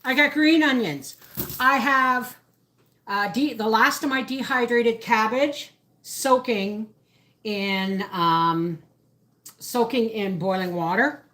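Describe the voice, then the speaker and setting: A woman with a slightly high, somewhat bright voice speaks slowly over a faint hiss or hum. She hosts a casual homesteading livestream from her home kitchen while cooking, chatty and rambling, often cutting herself off mid-thought.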